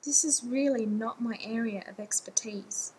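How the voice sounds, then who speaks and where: A woman's voice: fairly high pitch, moderate pace, warm tone, a little hiss or hum, natural voice, rough recording. A woman voicing a frantic, rambling young man. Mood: anxious. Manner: frantic, self-deprecating pleading. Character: anxious, rambling adult man.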